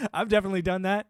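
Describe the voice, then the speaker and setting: On a casual live stream, a man with a high voice rants in a profane, combative way, laughing often. He talks like a former military man and network engineer, and the audio is clean studio quality with no room sound.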